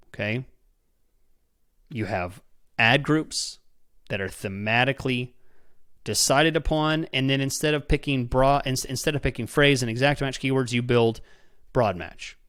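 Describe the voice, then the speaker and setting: A man's voice: medium pitch, a bit bright, no room sound, clean studio sound. A man hosting a podcast, explaining a method step by step, often checking in with "okay?" and repeating words as he restarts sentences. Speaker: podcast host. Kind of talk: instructional podcast talk.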